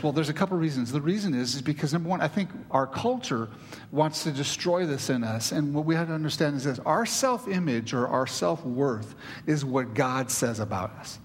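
An emphatic male pastor preaching a sermon, hammering home key words by repeating them. His voice sits high for a man. It carries the long, rolling reverb of a large hall. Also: expressive, normal speed, a little hiss or hum.

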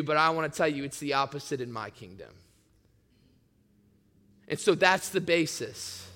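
A man's voice: high-pitched, sharp tone, long reverb tail. A man preaching in a casual, conversational way as a student ministry pastor. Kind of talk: sermon.

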